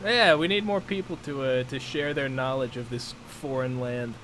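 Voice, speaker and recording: A man from the US in a casual gaming chat, excitable and slangy with quick asides. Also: medium pitch, a little hiss or hum, low-quality recording. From United States. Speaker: streamer.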